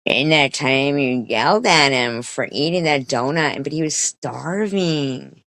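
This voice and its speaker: A woman's voice: deep voice, a little slow, fairly bright tone, dry recording. A woman streamer giving a rambling, profane commentary rant, with many restarts and quoted voices.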